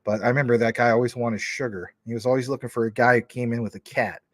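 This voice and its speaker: A man chats casually on his livestream, reading out viewer comments and answering them. He rambles informally with plenty of fillers, at a middling pitch. The sound is dry and close. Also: fairly even intonation, fast talker, dry recording. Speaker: crypto livestream host.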